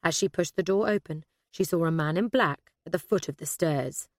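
Low-voiced woman narrating an audiobook. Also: moderate pace, no room sound, studio quality.

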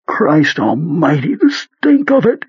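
A man voicing a frightened, excitable grown man with a ragged, high voice in an audiobook. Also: unhurried, breathy edge, no echo, lo-fi sound. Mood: panicky. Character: excitable panicky adult man, frightened friend. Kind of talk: audiobook character voice.

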